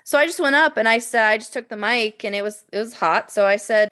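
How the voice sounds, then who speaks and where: Animated woman telling a story. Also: on the high side, fast, few pauses. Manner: animated, acts out voices in her anecdote, laughs. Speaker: podcast guest telling a story. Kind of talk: casual storytelling.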